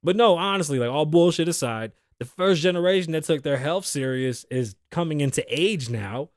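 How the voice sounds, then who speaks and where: A man in his thirties hosting his own podcast, riffing in a loud, joking, profane way. His voice sits high and swings up and down a lot. The sound is dry and close, with no room around it. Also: moderate pace, dry recording. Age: 30s. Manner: profane, animated, joking, laughs often. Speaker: podcast host. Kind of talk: casual solo podcast rant. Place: studio.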